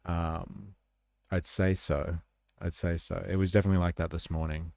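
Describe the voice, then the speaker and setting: A man's voice: deep voice, flat delivery, normal speed, gravelly, darkish tone, dry recording, studio quality. An Australian man hosting a livestream, rambling casually and swearing as he reacts to news. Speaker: livestream host. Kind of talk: casual commentary stream.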